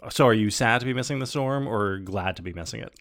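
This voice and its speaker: A man's voice: fairly low pitch, fast, fairly bright tone. A man hosting a podcast in casual chat, joking and rambling with lots of fillers. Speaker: podcast host.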